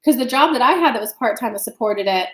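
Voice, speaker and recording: A young woman from the United States gives a casual live-stream tarot reading, talking in a loose, chatty way with the odd curse word. Her voice sits fairly high. The room around her is echoey. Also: expressive, fast talker. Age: young adult. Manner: chatty, reads comments aloud, swears casually. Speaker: tarot reader and channel host.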